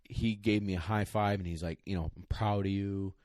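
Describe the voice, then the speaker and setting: A man with a very deep voice tells a long story in casual podcast chat, rambling and getting emotional. He sounds close to tears, his voice catching as he goes on. The sound is dry and close, with no room around it. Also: fairly even intonation, moderate pace, darkish tone, no echo. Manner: emotional, rambling, choked up at times. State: tearing up. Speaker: podcast co-host, dog trainer.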